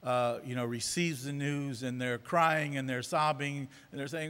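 A man's voice: fairly high pitch, steady tone, moderate pace, few pauses, a bit bright. A man preaching a sermon, emphatic and repeating phrases for effect. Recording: long reverb of a church hall.

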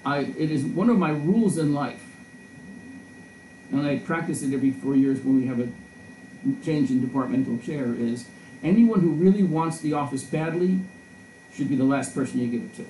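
A man's voice: fairly high pitch, normal speed, warm tone, distant mic, slight background noise. A man lecturing as a professor in a conversational, storytelling way, often restarting his sentences. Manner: discursive, storytelling, frequent restarts. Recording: roomy echo, voice a bit off-mic.

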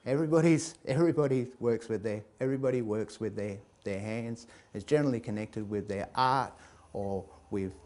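Lively man telling a comic tale. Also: on the low side, a little fast, few pauses. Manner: lively, chuckling, builds to loud climaxes. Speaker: storyteller. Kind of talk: comic oral storytelling.

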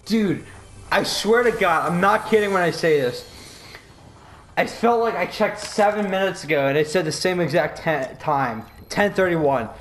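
A man's voice: high voice, normal speed, a little hiss or hum. A drunk man rambling and laughing in casual chat while playing a video game. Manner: giggly, rambling, loud outbursts. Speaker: gamer.

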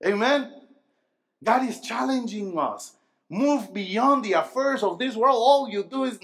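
Slow, high-voiced man preaching a sermon. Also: lively intonation. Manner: call-and-response, asking the crowd questions; swings between low, quiet stretches and loud emphatic bursts. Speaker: pastor. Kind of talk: sermon to a youth rally.

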